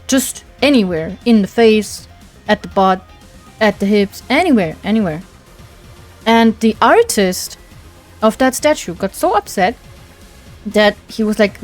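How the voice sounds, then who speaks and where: A young adult woman streamer in a casual rant, animated and emphatic, swearing freely. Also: fairly high pitch, slow, pauses often, faint music behind. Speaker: VTuber streamer. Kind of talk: casual ranting chat.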